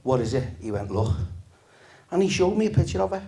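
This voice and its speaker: A man, doing a stand-up comedy set in a relaxed, deadpan, sweary storytelling manner to a live audience. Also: a little high, a little fast, creaky. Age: 50s.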